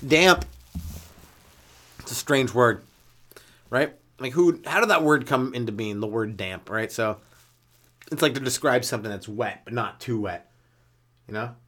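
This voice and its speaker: At a moderate pace with long pauses, a man with a slightly bright voice delivers a loose, rambling stand-up monologue on his podcast. Self-mocking, he leaps in pitch into silly character voices, and he has a smoker's cough.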